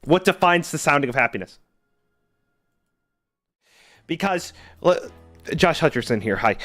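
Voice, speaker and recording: A man's voice: fairly high pitch, lively intonation, a little slow, long pauses, fairly bright tone, dry recording, faint music behind. A man streaming live, chatting casually with viewers in a sarcastic, argumentative way.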